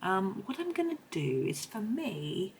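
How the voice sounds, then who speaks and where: A woman with a hoarse voice, chatting her way through a colouring tutorial in a meandering, self-correcting manner. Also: medium pitch, sing-song, a little slow, background noise. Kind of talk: casual tutorial narration.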